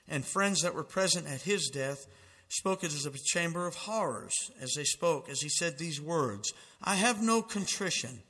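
A man's voice: a little high, sharp tone, long reverb tail. A man preaching a fervent sermon, reading out dramatic quotations with emphasis.

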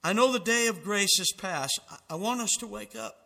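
A man's voice: high voice, moderate pace, gravelly, bright, forceful tone, in a large hall. A man preaching a fervent sermon, reading out dramatic quotations with emphasis.

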